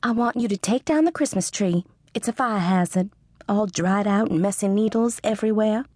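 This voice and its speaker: A woman's voice: medium pitch, normal speed, mellow, no echo, clean studio sound, lightly acted. A woman voicing a bossy middle-aged mother who nags her daughter in an accusing tone. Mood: nagging.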